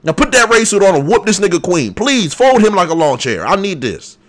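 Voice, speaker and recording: A young man hosting a live comic reaction, excitable and hype with loud outbursts. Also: sits high, a little fast. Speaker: channel host.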